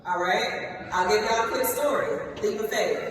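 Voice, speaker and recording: A young woman speaking to graduates in a big hall, her voice heard from some distance and ringing with long reverb. She talks straight to the students, lively, checking in with "okay?" between points. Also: fairly high pitch, moderate pace, noisy background. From Ohio, US. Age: late 20s. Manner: lively, addresses the students directly with "y'all" and "okay?". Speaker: commencement speaker. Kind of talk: motivational speech. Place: large hall.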